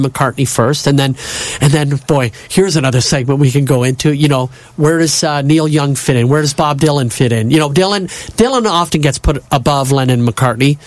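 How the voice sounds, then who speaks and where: A man's voice: on the high side, moderate pace, few pauses, dry recording. A man hosting a radio show, talking about music in an enthusiastic, casual way and often repeating himself. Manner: enthusiastic, repeats words, exclaims "boy".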